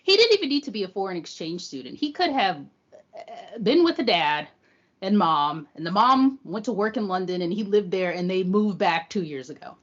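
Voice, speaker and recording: A woman's voice: medium pitch, expressive, normal speed, muffled recording. A woman co-hosting a podcast, recapping an episode in a teasing, playful way. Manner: teasing, playful, quotes characters in voices. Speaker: podcast co-host. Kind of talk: casual recap chat.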